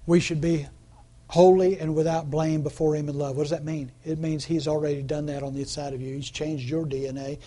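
A man's voice: on the high side, little pitch movement, brisk, warm tone. A man preaching a sermon in a loose, conversational way, asking the congregation questions and acting out quoted voices. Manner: conversational preaching with rhetorical questions and call-outs; acts out quoted voices mockingly. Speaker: pastor.

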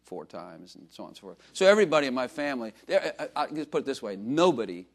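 A man's voice: mid-range voice, very animated, fast. An older man giving an informal sermon, telling rambling, self-mocking stories full of fillers and asides to a congregation. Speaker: preacher.

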